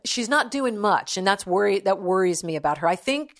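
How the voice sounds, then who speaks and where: A middle-aged woman, a guest in a casual chat, talking in an animated and gossipy way and quickly chiming in. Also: medium pitch.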